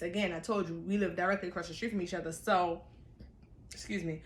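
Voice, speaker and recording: A woman telling a personal story in a casual, animated, chatty way, laughing often, in an echoey room. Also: on the low side, fast talker. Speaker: storyteller vlogger.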